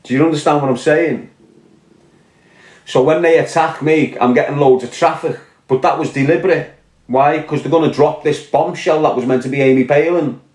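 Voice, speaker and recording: A man's voice: fairly high pitch, moderate pace, a little mellow, echoey room. Blunt Scouse man ranting on a livestream. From Liverpool, England. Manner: blunt, combative, swearing, reading and answering chat. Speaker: livestream host. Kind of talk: casual livestream rant.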